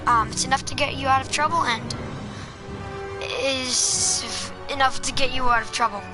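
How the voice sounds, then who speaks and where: Speaking over a headset with game music and sound effects behind her, a woman gameplay commentator offers casual tips. Her voice is high, her intonation fairly even, and her speed normal, though she hesitates often, filling the talk with ums and restarts.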